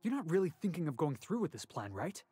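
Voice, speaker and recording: An actor playing a worried crew companion in a video game, pleading and protesting. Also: male voice, fairly high pitch, big pitch swings, fast, darkish tone, slightly rough, soft background music. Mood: alarmed.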